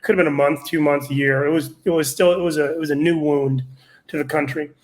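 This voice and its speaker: A man in his forties, a stand-up comedian, telling a profane and animated anecdote in a casual podcast chat. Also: fairly high pitch, quick pace.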